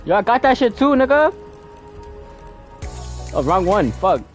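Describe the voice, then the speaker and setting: A young man giving loud, swearing, exasperated commentary while playing a game. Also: high-pitched, very animated, unhurried, soft background music. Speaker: gamer streamer. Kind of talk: casual gameplay commentary.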